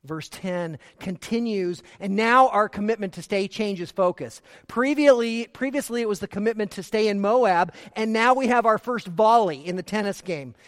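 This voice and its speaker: Preacher, male, high-pitched voice, emphatic delivery with hushed drops; sanctuary reverb. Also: moderate pace, few pauses. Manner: earnest, emphatic, shifting between loud stresses and quiet low asides. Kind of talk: sermon.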